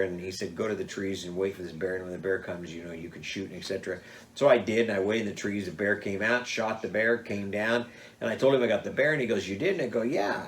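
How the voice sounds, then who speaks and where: Older man, animated storyteller, acts out dialogue, slight background noise. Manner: animated, acts out quotes with big pitch jumps. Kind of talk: telling hunting stories.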